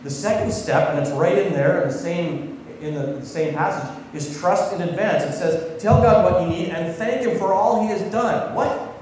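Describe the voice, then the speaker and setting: A man's voice: high voice, normal speed, hardly any pauses, darkish tone, a little hiss or hum. Preacher man in a roomy echoing hall. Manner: conversational, asks the congregation questions. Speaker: pastor. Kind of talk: sermon. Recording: echoey hall, voice from far off.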